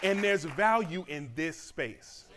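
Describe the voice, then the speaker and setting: A man speaking in a slightly higher-than-usual voice. He delivers a motivational graduation address in an animated, conversational way and acts out the voices of people he quotes. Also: slow, over a noisy crowd, very noisy. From Southeast Georgia, USA. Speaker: speaker at a church graduation celebration. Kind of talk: motivational speech.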